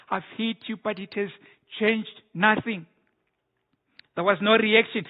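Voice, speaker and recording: Man, preacher, sermon, emphatic, repeats words, high voice, tinny phone-like sound. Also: steady tone, measured pace, pauses often. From South Africa. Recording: phone-like narrow band.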